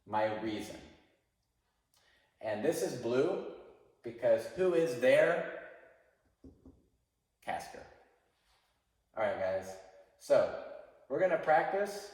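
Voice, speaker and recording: Male English teacher, slow and patient, lively intonation, recorded in a very echoey room. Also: medium pitch. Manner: slow, patient, encouraging explaining. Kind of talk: classroom instruction. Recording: echoey room with long reverb.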